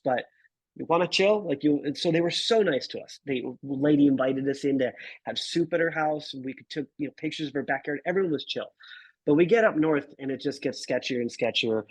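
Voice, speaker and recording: A man's voice: fairly high pitch, slightly rough, no echo, low-quality recording. A man in his thirties telling a travel story in a casual interview, laid-back, swearing and calling people dude and bro. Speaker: guest photographer.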